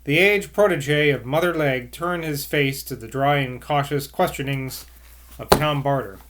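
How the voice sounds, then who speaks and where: A man's voice: mid-range voice, a little slow, a bit bright, slight background noise. A man reading a novel aloud nightly, adding casual asides between passages. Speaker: reader.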